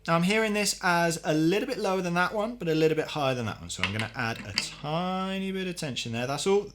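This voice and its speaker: Calm man teaching drum tuning. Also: fairly high pitch, fast talker, a little hiss or hum. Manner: calm, methodical, talks while working. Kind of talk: hands-on tutorial demonstration.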